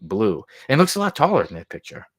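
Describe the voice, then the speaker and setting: A man co-hosting a podcast, chatting casually about comics in a rambling way, chuckling and reading quotes aloud slowly. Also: mid-range voice, huge pitch swings, breathy edge, no echo, studio quality. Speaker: podcast co-host.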